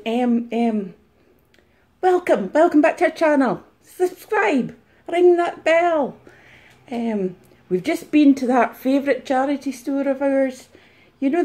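A woman doing a shrill, flustered reseller woman. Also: dark tone. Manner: high-pitched, flustered, shrieks. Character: excitable female reseller, scared of spiders. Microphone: mobile phone.

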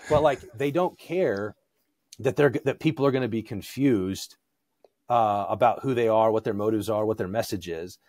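A man talking as a podcast guest in a conversational theological discussion, animated, acting out quoted voices with frequent restarts. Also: on the low side, normal speed, dry recording.

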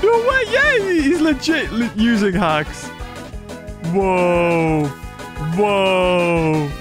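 A man giving excitable live commentary over a video game, exclaiming and laughing often. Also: high-pitched, very slow, music in the background. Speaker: gaming YouTuber.

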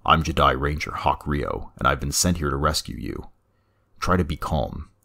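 A man voicing a steady male Jedi ranger in a story reading, with a level delivery. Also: rumbling low, normal speed, gravelly, full character voice.

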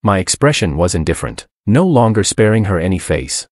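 A man narrates a first-person story in a somber, bitter tone. His voice is very deep yet moves through a wide pitch range. The recording is dry with no room sound. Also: big pitch swings, brisk, few pauses, dry recording.

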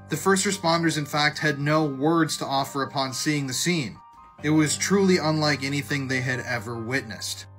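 A man's voice: fairly high pitch, a bit bright. A man narrating a true crime story in a blunt, opinionated way.

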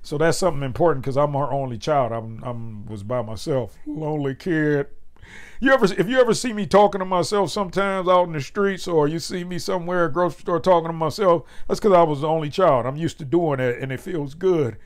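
A man hosting his own vlog, talking casually with loose, profane asides and laughing often. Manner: loose, profane and laughing, breaks into loud high cackles; slow, careful recitation when reading the poem. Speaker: vlog host. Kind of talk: casual vlog commentary with a slow read-aloud.

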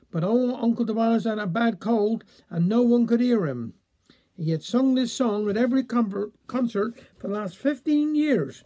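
A Cornish man reads an old village tale in broad dialect, slipping into the voices of the chapel folk. His voice sits high but sounds mellow and soft-edged. He tells it in a folksy, good-humoured way. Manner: folksy, playful voicing of village characters. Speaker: storyteller. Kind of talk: dialect story reading.

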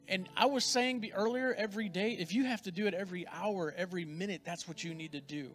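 Fervent preacher man, high-pitched, repeating himself. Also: fast, few pauses, soft background music. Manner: fervent, repeats phrases for emphasis. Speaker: pastor. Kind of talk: sermon with prayer.

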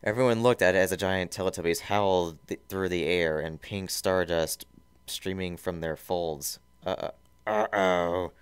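A man's voice: low voice, steady tone, moderate pace, clear, resonant tone, no echo. A man reading a fan story aloud in a mock-serious way, sometimes stumbling over words, on a close mic. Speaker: story reader.

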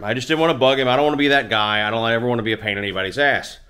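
A man's voice: medium pitch, rapid-fire, pushed and bright, clear, resonant tone. Middle-aged man, mid-range voice, casual rambling host, self-deprecating, recorded in a home garage. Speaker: motorcycle channel host. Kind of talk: casual storytelling to camera.

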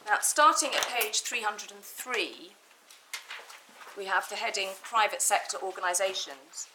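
A woman's voice: mid-range voice, a little slow, background noise. A woman barrister making methodical legal submissions in an appeal courtroom, reading from documents with some restarts.

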